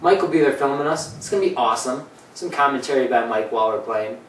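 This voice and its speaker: A man's voice: medium pitch, lively intonation, fast talker, fairly bright tone, a little hiss or hum. A man hosting a casual comedy gaming show, rambling and jokey, often slipping into put-on voices. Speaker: host. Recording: echoey room, mic at a distance, faint ambience.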